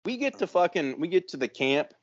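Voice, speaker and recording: A man hosting a podcast, telling a long story in a casual, profane, animated way. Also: on the high side, brisk, lo-fi sound. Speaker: podcast host.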